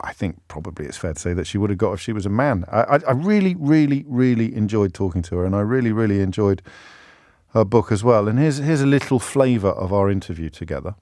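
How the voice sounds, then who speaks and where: A man's voice: on the low side, lively intonation, a little fast, a little mellow, dry recording, clean studio sound. A man hosting a radio phone-in, chatty and self-mocking, often restarting his sentences. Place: radio studio. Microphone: studio microphone.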